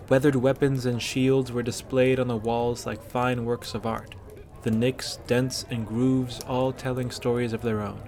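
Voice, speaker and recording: A man's voice: medium pitch, a little mellow. Man narrating a fantasy story. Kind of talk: scripted audiobook narration.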